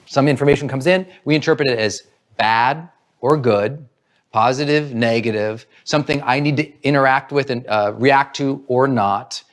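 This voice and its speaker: A man giving an earnest motivational talk, coaching listeners and acting out their inner voices. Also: mid-range voice. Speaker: motivational speaker.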